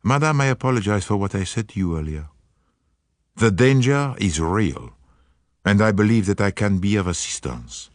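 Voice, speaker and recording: A man voicing a fastidious, shrewd older detective in an audiobook, speaking formally, precisely and methodically. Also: lowish voice, lively intonation, no echo, studio quality, close to an everyday voice. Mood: measured.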